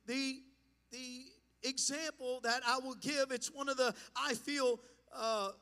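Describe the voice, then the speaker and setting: High-voiced impassioned male preacher. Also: fairly even intonation, slow pace, big-room sound. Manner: impassioned, rising to shouts. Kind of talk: pentecostal-style sermon. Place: church sanctuary.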